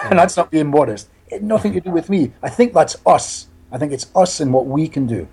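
Mellow, husky-voiced man telling stories. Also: on the high side, brisk. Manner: animated storyteller, laughs often, repeats words. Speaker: hypnotherapist guest. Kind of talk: casual interview chat.

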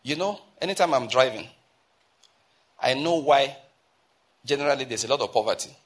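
A Nigerian man preaching a sermon as pastor, emphatic, climbing into urgent exhortation and slowing down to stress key phrases. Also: medium pitch, expressive, slightly rough.

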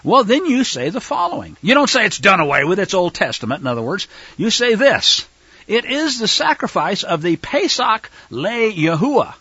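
A man's voice: high-pitched, sing-song, normal speed, slightly rough, no echo, muffled recording. A man teaching scripture to a fellowship, conversational with asides to his listeners and rising to fervent denunciation. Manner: fervent, rises to loud denunciation.

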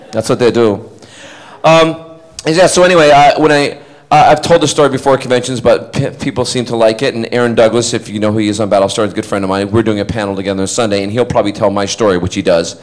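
Animated, rambling male storyteller. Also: mid-range voice, brisk, low-quality recording. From Scotland. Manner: animated, rambling, acts out quoted voices and laughs often. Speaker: actor telling a story to fans. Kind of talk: casual anecdote at a convention.

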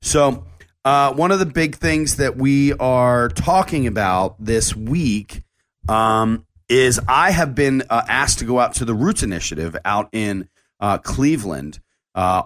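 A man and chef hosting his own radio show, talking casually and rambling with lots of fillers. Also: medium pitch.

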